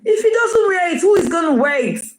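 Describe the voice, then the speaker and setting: A woman's voice: very high-pitched, lively intonation, fairly quick, reverberant, low-quality recording. A woman joining a casual live-stream chat, speaking insistently and arguing her point.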